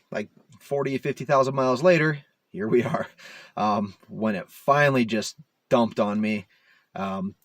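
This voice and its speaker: Rambling low-voiced man, dry sound. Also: no echo. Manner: rambling, filler-heavy, self-mocking. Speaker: DIY car repair vlogger. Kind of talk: casual rambling talk to camera. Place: inside a parked SUV.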